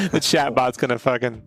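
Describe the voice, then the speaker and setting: A man's voice: medium pitch, lively intonation, measured pace, a bit bright. A man hosting a podcast, laid-back and teasing in casual chat. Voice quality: gravelly. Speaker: podcast host.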